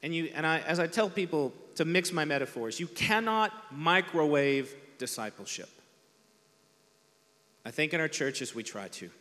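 Male pastor, conversational sermon, bright edge, echo of a big hall. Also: on the high side, animated, moderate pace. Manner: conversational, self-deprecating preaching with acted-out quotes. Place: large church hall. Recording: long hall reverb from a church PA.

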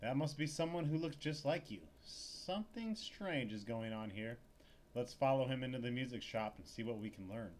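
A man's voice: mid-range voice, expressive, normal speed, darkish tone, slight background noise. A man hosting a let's play, reading the game's narration aloud in a wry, playful way. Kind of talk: reading game text aloud with commentary.

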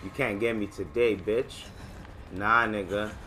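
A young man hosting casual gameplay commentary, excitable and joking with plenty of swearing. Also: lowish voice, unhurried, background noise. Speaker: gaming channel host.

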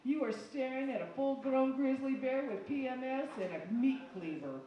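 A woman's voice: high voice, expressive, moderate pace, muffled recording, a little hiss or hum. A woman with a Southern accent doing brash, bawdy stand-up comedy at an open mic in a small bar. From Colorado-based, from the US. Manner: brash, bawdy, folksy punchlines. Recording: echoey bar room, distant mic.

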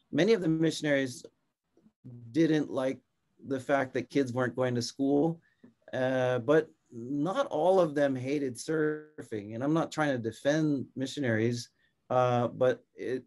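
A man from Hawaii giving a conversational slide lecture as a guest historian, relaxed, often checking in with a quick question. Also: medium pitch. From Hilo, Hawaii. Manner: relaxed, frequent tag questions. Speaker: guest speaker, surf historian.

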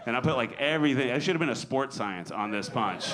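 A man in his thirties doing a stand-up comedy set on a club stage into a handheld mic, telling stories with sudden loud jumps as he acts out quotes. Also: medium pitch, expressive, fast talker. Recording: live club recording with audience noise. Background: audience laughter.

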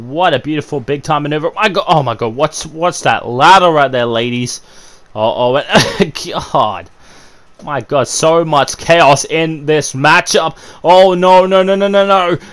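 A man doing amateur play-by-play commentary on a wrestling video game, excitable and full of fillers and stammered restarts. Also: fairly high pitch.

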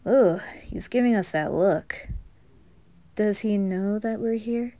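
A woman's voice: mid-range voice, lively intonation, slow pace, a little mellow. A woman voicing a chatty, playful teenage boy who gushes over food in a whispered role-play.

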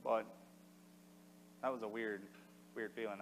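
A middle-aged man telling a war story to an audience in a plain, halting way, his voice sinking low and quiet at the hardest parts. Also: slight background noise. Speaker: speaker giving a talk. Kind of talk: recounting a combat story to an audience. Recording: long hall reverb.

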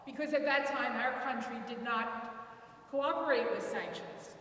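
An older woman giving a speech, telling a personal story in an earnest, halting way with repeated words. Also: a little high, fairly bright tone. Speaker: invited speaker. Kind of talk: personal story in a public talk. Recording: echoey hall from far off.

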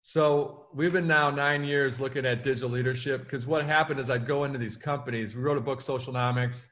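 A man who is an author and keynote speaker, answering interview questions in an energetic, punchy motivational way and acting out the lines he quotes. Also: medium pitch, fairly quick. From United States.

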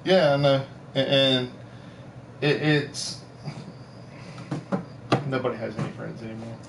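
A man's voice: medium pitch, fairly even intonation, slow, creaky. A man, co-hosting a casual live stream and joking and teasing his partner. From Mobile, Alabama. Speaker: co-host. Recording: roomy, distant mic, noisy ambience.

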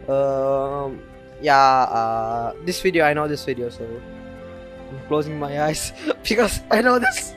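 Young male reaction vlogger, bright voice, lively pitch, jumpy and excitable, desk mic, faint music behind. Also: slow pace. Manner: excitable, frequent shrieks and nervous laughter. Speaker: reaction video creator. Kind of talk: reaction vlog. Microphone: desk mic with headphones.

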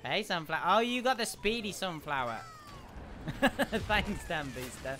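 An excitable man chatting through a live game session in a slightly high, lively voice. He mutters sing-song to himself between his comments. Game sounds play clearly behind him through a desk mic. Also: unhurried, a little hiss or hum. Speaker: gaming livestreamer. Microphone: desk mic, no headset.

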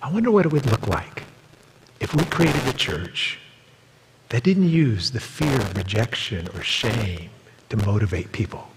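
A man's voice: very animated, unhurried, in a large hall, slight background noise, rough recording. A man preaching a sermon as a pastor, telling stories and acting out the people in them. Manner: storytelling, acting out quoted voices in a higher pitch. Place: church sanctuary.

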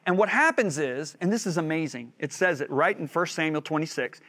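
High-voiced man teaching a Bible lesson. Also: brisk. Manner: animated storyteller who acts out quoted voices; builds emphasis by repeating phrases.

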